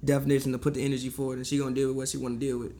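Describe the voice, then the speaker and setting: A man's voice: mid-range voice, completely flat delivery, mellow. A man hosting a casual chat who sums up a guest's story with teasing questions and lots of fillers. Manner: quick, filler-heavy, teasing recaps.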